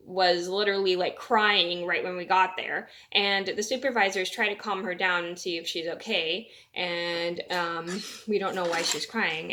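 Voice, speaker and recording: Bright-voiced young woman rambling a story. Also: mid-range voice. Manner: rambling with many fillers and restarts. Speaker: vlogger. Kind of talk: casual storytelling.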